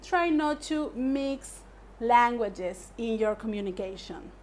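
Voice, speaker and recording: Slow-paced woman. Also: a little high, animated, darkish tone, a little hiss or hum. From Paraguay. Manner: measured, explanatory, asks "right?" often. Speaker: English teacher. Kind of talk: language lesson.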